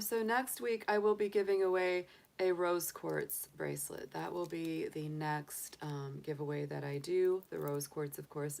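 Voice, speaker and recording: A woman's voice: fairly low pitch, gravelly. A woman hosting a casual tarot livestream, chatty and cheerful, greeting viewers by name as she chats along. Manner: cheerful and enthusiastic. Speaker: tarot reader and livestream host.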